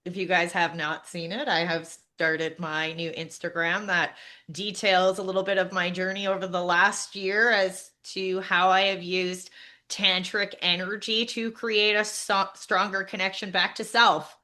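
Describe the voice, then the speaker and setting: A woman's voice: lowish voice, flat delivery, measured pace, bright, forceful tone. A woman from Canada, a guest on a podcast over a video call, upbeat and eager about her work. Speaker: guest, Akashic Records practitioner. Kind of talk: casual video-call chat.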